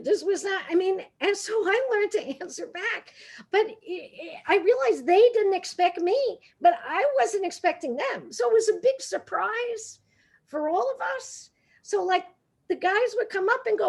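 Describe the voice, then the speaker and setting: A woman in her sixties from Brooklyn, giving a funny talk full of stories and brash, quick comebacks. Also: very high-pitched, animated, creaky. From Brooklyn, New York. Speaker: guest speaker. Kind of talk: humorous storytelling talk.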